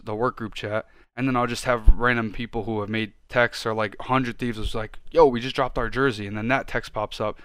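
A young man co-hosting a podcast, ranting loudly and cursing in casual chat. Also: medium pitch, clean tone, no room sound. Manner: loud, ranting, profane, gets animated. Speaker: podcast co-host.

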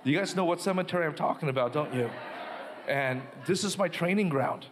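A man's voice: on the high side, brisk, background noise. A male minister on a live podcast, telling a story with quoted inner dialogue, then leading a prayer. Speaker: guest minister. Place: live podcast before an audience.

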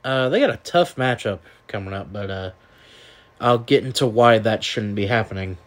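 A man co-hosting a casual sports podcast, chiming in with team nicknames and conference trivia. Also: on the low side. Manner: chatty, quick to add team trivia. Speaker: podcast co-host.

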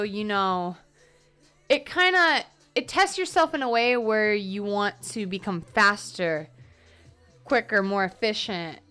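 A woman's voice: medium pitch, a bit bright, clean tone. A tired young woman talking through her workday on a solo podcast, rambling off topic with lots of fillers. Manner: rambling, self-interrupting with fillers. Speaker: podcast host. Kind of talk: casual solo podcast monologue.

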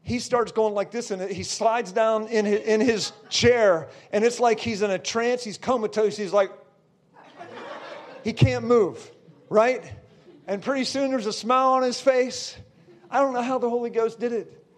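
Excitable male preacher, high voice, storytelling sermon that climbs to shouting. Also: a little slow, slight background noise. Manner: checks in with listeners often.

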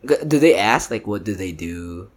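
A man chatting casually as a guest, speaking haltingly with many restarts. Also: lowish voice, animated. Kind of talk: casual chat.

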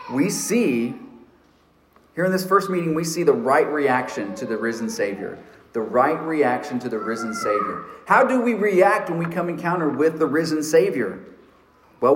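Male pastor, slightly high voice, earnest story-driven sermon, echoey sanctuary sound. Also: a little hiss or hum. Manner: earnest storytelling preacher, slows for emphasis. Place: church sanctuary.

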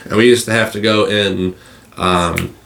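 A man co-hosting a podcast, telling a profane, animated story in casual chat. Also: fairly low pitch, measured pace, vocal fry, echoey room. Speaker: podcast co-host.

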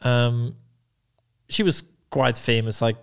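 A man's voice: medium pitch, fairly even intonation, takes it slowly, smooth. A young man as a podcast guest, telling a long story in a casual, laid-back way, swearing freely and acting out what people said.

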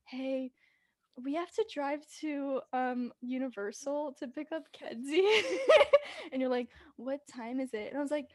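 A woman's voice: high-pitched, expressive, measured pace, darkish tone. A young woman co-hosting a podcast, telling stories animatedly and laughing often. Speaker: podcast co-host. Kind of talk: casual chat.

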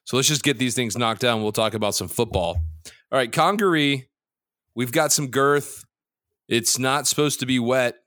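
A man's voice: medium pitch, moderate pace, a bit bright, no echo, studio quality. A man co-hosting a casual sports betting podcast, loose and profane, teasing his partner and jumping between topics. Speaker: podcast co-host.

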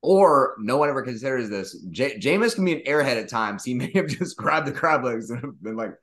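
Casual sports podcast co-host, man, mid-pitched, rambling, profane, acts out quotes. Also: expressive, brisk, a bit bright.

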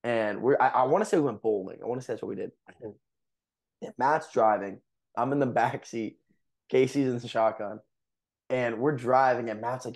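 Young man, casual podcast storytelling, rambling, filler-heavy, middle pitch. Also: fairly even intonation, fairly quick. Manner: rambling, lots of fillers, laughs while telling. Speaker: podcast co-host.

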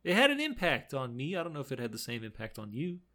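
This fast-talking podcast co-host has a medium-pitched, pushed, bright voice that swoops wildly up and down. He's laid-back in a casual chat recapping a show episode, laughing a lot and retelling scenes through the characters' quoted lines.

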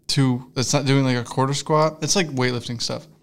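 A man's voice: mid-range voice, steady tone, moderate pace. A young man co-hosting a casual comedy chat, giggly and rambling, often trailing off into mumbles. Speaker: podcast co-host.

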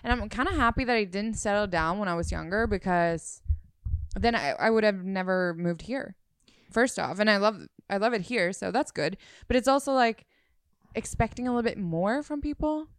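A woman in her thirties hosting a podcast, chatting in a relaxed way with many "like"s. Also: medium pitch, normal speed, smooth, dry recording, clean studio sound. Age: 30s. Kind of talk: casual chat.

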